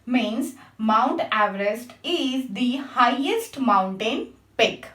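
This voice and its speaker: A woman's voice: fairly high pitch, big pitch swings, takes it slowly, a bit bright. Woman teacher in an echoey room. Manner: patient, spells out letters, asks the class questions. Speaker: English teacher. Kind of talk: classroom grammar lesson. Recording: echoey room, mic at a distance.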